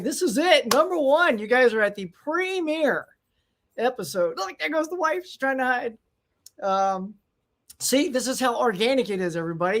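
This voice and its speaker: A man hosting a casual live stream from home, chatting excitedly and greeting viewers by name. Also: very high voice. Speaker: channel host. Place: home room.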